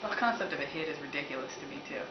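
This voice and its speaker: Low-voiced laughing woman, roomy recording. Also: animated, very fast. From Canada. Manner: laughs often, rambling and candid. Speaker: musician answering fan questions. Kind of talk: casual chat. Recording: roomy, dull, noisy recording.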